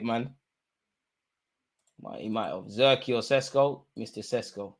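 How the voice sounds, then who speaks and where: A man hosting a live football watch-along, chatting in slang about the match and breaking into loud shouts when a chance or goal comes. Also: mid-range voice, a little slow. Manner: London slang, bursts into shouting at chances and goals.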